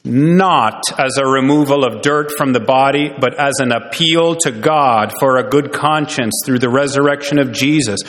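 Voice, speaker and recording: A man's voice: medium pitch, moderate pace, hardly any pauses, a bit bright. A man preaching a sermon as pastor, earnest, with many rhetorical questions. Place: church sanctuary. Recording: long reverb in a church hall.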